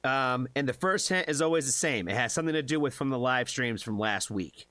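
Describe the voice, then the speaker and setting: A man hosting a live music reaction stream, chatting casually with viewers, excitable and swearing often. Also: mid-range voice, fairly quick, few pauses, dry recording.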